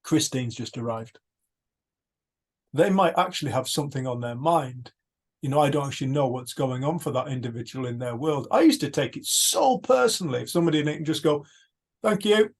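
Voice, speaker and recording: Man, host, earnest animated storytelling, fairly high voice, video call. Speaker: retreat host. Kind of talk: casual reflective talk.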